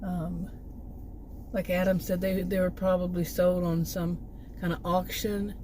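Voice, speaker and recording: A woman vlogger with a worn, hoarse voice, chatting in a rambling casual way from inside her car, often restarting her sentences and laughing softly. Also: on the low side, flat delivery, a little slow, low-quality recording. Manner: meandering, frequent restarts and soft laughs. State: voice worn out, hiccups. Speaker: vlogger doing food deliveries. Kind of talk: rambling casual chat while driving. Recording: loud car noise behind.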